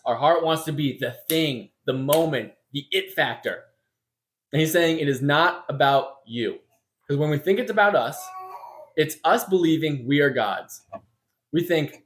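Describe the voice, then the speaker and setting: Young male pastor, slightly high voice, casual preaching with self-mocking humor. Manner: conversational, self-deprecating humor. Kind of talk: sermon.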